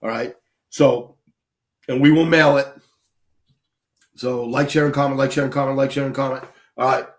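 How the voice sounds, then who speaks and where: A man's voice: medium pitch, little pitch movement, moderate pace, long pauses. A man hosting a casual livestream as a shooting instructor, blunt and swearing freely as he tells stories. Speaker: shooting instructor and stream host.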